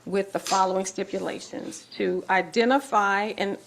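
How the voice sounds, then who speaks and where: A woman city commissioner speaking deliberately at a public meeting, reading out items and making a formal motion. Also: mid-range voice, steady tone, creaky, slight background noise. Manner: measured, deliberate, reads out items.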